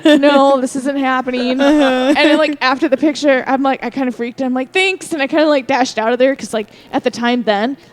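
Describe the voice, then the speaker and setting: A young woman co-hosting a podcast, telling stories in an animated, casual way and swearing often. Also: sits high, fairly quick, hardly any pauses. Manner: animated, profane storytelling. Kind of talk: casual chat.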